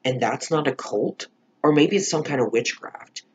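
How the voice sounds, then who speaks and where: A man talks through a TV episode in a loose reaction vlog, filling every pause with "like" and dropping frequent curses. His voice is husky and middle-pitched. The recording sounds dull and lo-fi. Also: lively intonation. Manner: rambling, heavy filler "like", frequent swearing. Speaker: TV episode reviewer.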